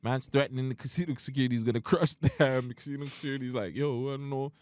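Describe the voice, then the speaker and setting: A man co-hosting a podcast, telling a story in casual, profane chat and loudly acting out the quotes. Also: mid-range voice, fast, no room sound. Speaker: podcast co-host.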